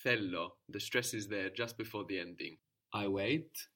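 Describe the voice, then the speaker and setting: A man's voice: fairly low pitch, normal speed, a bit bright. A man teaching a language lesson, patient and encouraging, explaining each point step by step.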